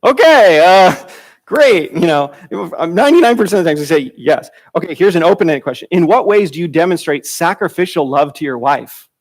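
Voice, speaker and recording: A man with a fairly high voice teaches a church Bible class. His delivery is loose and conversational, with repeated words and restarted phrases. He jumps up in pitch when he acts out quoted dialogue. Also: lively intonation, fairly quick, few pauses, darkish tone.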